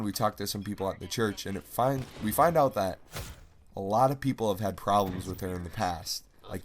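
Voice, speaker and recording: A man's voice: lowish voice, a little hiss or hum. A young man vlogging, telling a personal story in a rambling, exasperated way with lots of filler words. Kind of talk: casual storytelling.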